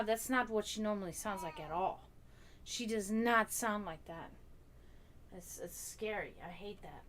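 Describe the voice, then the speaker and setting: A woman doing tarot readings on a casual live stream, who now and then breaks off to softly comfort her cat. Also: medium pitch, a little slow, slight background noise. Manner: soothing baby talk to her cat, then plain card reading. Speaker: tarot reader and stream host.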